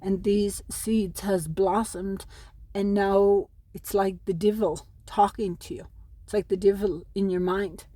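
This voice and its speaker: Here a mother, middle-aged and originally from Ireland, appeals to her sons on camera over custody while at home in New Mexico. Her mid-range voice is mellow and steady, her pace measured, and there's no room sound; the plea comes across as emotional, aggrieved and pleading.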